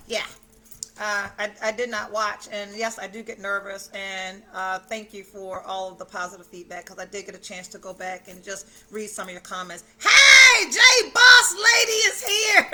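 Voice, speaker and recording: A woman's voice: high voice, sharp tone. A woman hosting a self-care livestream from home, chatting casually, greeting viewers by name with big enthusiasm and the odd swear word. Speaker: self-care challenge host. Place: at home, indoors.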